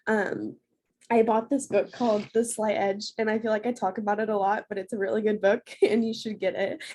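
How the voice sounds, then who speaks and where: A woman's voice: medium pitch, flat delivery, brisk, mellow, slight background noise. Earnest woman sharing a personal story. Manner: earnest, emotional, laughs through tears. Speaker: guest speaker on a team call. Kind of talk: personal testimony.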